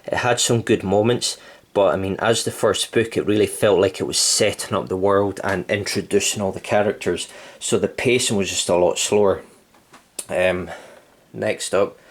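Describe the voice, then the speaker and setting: A young man chatting casually about his book collection, rambling with lots of ums, a little out of breath from the heat. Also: lowish voice. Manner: rambling, relaxed, frequent ums. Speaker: channel host. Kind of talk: casual vlog chat about his books.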